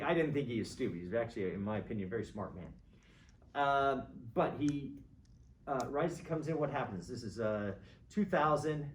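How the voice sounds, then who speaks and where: A man's voice: medium pitch, slight background noise. A middle-aged man giving an informal, opinionated college government lecture, rambling and often checking in with his students. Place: classroom. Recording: echoey classroom, mic far from speaker.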